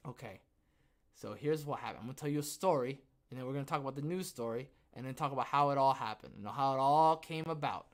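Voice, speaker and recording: A young man hosting a casual livestream podcast, rambling and joking, who bursts into loud, excited outbursts. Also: medium pitch, quick pace. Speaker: podcast host.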